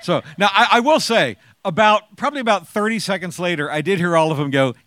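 A man's voice: high-pitched, expressive, quick pace, sharp tone, dry recording. A man in his sixties sharing his personal testimony with an audience, as a chatty, joking storyteller who acts out the lines he quotes.

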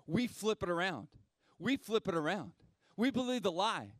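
High-voiced man preaching a conversational sermon. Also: sing-song, no echo. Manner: conversational preaching, direct address, repeats phrases, says "man"; drops low and slow for solemn moments. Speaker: pastor.

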